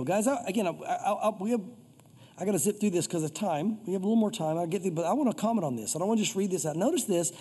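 A man's voice: sits high, quick pace, warm tone, husky. A man preaching a conversational sermon as pastor. He often acts out scripture and prayers in quoted voices, in a chatty, informal way. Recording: long hall reverb.

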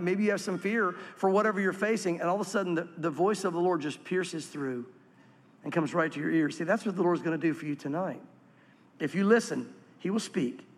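A man preaching a sermon as pastor, earnest and swinging from animated to hushed. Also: high-pitched, big-room sound.

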